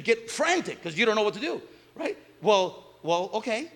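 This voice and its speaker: A man's voice: sits high, very animated, moderate pace, a bit bright, long reverb tail. A man preaching a sermon in a conversational way, often asking his listeners "right?". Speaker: pastor.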